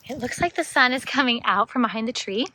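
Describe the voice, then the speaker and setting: A homestead gardening vlogger from Northern California films an enthusiastic, casual walking tour of her home vegetable garden outdoors. She's chatty and calls her viewers "you guys." Her voice is a little high and sharp in tone, and she talks at a quick pace.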